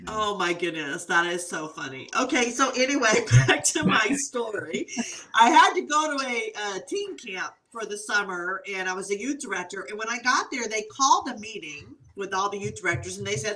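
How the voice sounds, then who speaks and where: A woman consultant, a guest on the show, telling stories in an animated, exclamatory way and laughing often. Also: medium pitch, normal speed, distant mic, rough recording. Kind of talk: storytelling interview answers.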